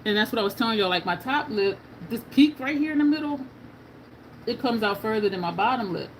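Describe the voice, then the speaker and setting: A woman's voice: fairly high pitch, lively intonation, fairly quick, a little hiss or hum, low-quality recording. A woman beauty vlogger chatting casually through a makeup tutorial, telling stories and laughing often.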